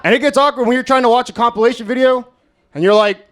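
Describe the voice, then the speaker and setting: A young American man doing a stand-up set at an open mic, in a crude, deadpan, self-mocking style. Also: very high voice, fast. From United States. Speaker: stand-up comedian. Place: comedy club stage, Las Vegas.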